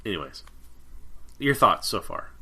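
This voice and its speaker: A man's voice: low voice, sing-song, measured pace, creaky, pushed and bright, breathy edge. Chatty male co-host summarizing plot. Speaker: podcast co-host. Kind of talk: casual chat recapping a TV episode.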